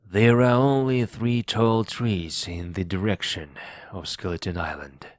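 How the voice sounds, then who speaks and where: A man's voice: fairly low pitch, steady tone, unhurried, no room sound, clean studio sound, close to an everyday voice. A man voicing a hardened one-legged pirate leader who gives firm orders, in an audiobook reading for learners. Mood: commanding.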